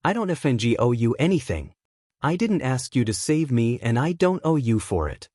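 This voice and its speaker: A man reading fan fiction aloud and voicing a hot-tempered young man who snarls and shouts insults. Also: medium pitch, sing-song, moderate pace, no room sound, studio quality. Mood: angry. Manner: angry shouting, crude insults.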